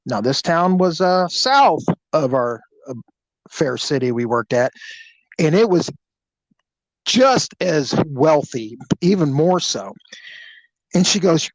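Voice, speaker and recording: Man, former detective, slightly high voice, chatty storyteller, acts out voices, dry close sound. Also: unhurried, no room sound, low-quality recording. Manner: animated, acts out quoted voices. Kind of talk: casual spoken storytelling.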